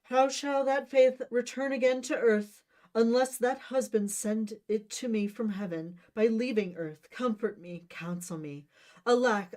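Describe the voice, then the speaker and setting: A tragic young heroine declaims antique verse with heavy theatrical despair, her lines rising and swelling. A woman voices her, putting it on for a storybook reading. The delivery is grand and deliberately overdone. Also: a little high, darkish tone, voice pushed up, natural voice. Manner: overwrought mock-Shakespearean declaiming.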